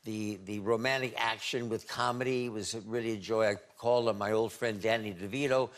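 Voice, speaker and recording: A man in his seventies, a talk show guest, telling anecdotes in a halting way, repeating words and laughing at his own stories. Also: fairly low pitch. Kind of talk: anecdotal storytelling. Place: TV studio.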